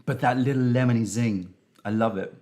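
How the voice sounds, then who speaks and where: A man's voice: mid-range voice, brisk, a little mellow. Playful man hosting a live tea stream. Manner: playful, reads viewer chat aloud, jumps into jokey voices. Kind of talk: casual live stream chat.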